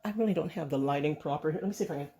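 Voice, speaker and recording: A woman's voice: low voice, rapid-fire, mellow. A woman hosting her own cooking vlog, chatty and rambling with many restarts, filmed on a handheld camera in a home kitchen. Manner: chatty and rambling, with restarts, calls viewers folks. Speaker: channel host. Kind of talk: casual home cooking demo.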